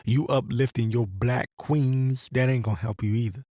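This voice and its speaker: A man's voice: mid-range voice, steady tone, moderate pace, dark tone, no echo, clean studio sound. A man giving a profane, rambling religious rant and reading scripture aloud. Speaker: religious commentator. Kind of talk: ranting monologue with scripture reading.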